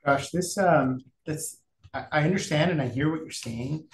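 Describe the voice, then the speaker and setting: A man speaking as a parent, asking the therapist a question in a hesitant, halting way. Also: fairly high pitch, reverberant. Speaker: parent in the audience.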